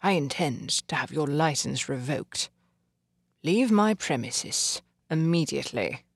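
Casting: cold, moralizing Victorian doctor, acid and dry-toned as a reader puts him on. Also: male voice, fairly high pitch, expressive, unhurried, creaky, husky, dry recording, exaggerated voice. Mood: stern. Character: stern pompous older male Victorian doctor.

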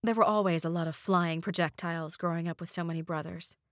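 A woman's voice: lowish voice, fairly even intonation, fast talker, dry recording. Woman narrating a novel in a dry voice. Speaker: audiobook narrator. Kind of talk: first-person novel narration.

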